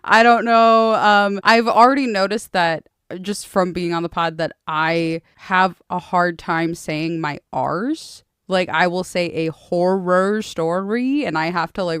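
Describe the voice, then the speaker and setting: Young female podcast co-host, chatty and bubbly, smooth but slightly hoarse voice, dry close sound. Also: medium pitch, fairly bright tone, no room sound. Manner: bubbly, swears casually, laughs often. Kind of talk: casual chat.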